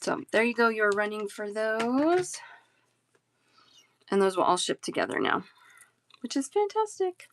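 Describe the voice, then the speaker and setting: A woman's voice: mid-range voice, expressive, a little slow, pauses often, a little hiss or hum. A woman hosting a live bead sale, chatting casually, answering viewers and rattling off prices and sizes. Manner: chatty, reads chat aloud and rattles off prices. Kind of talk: casual live-stream sales chat.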